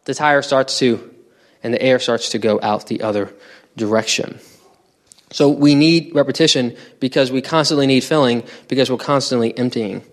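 A man as pastor preaching a sermon in a conversational teaching style, asking the congregation rhetorical questions. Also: medium pitch. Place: church.

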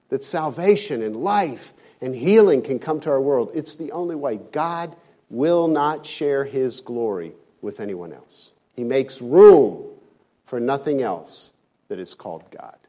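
A man's voice: fairly high pitch, animated, unhurried, warm tone. A man preaching a sermon, emphatic, rising in force when he quotes scripture.

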